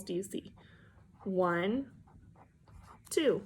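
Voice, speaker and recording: A woman teacher giving a phonics lesson to young children, encouraging and patient, sounding out letters slowly and clearly. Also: medium pitch, lively intonation, darkish tone.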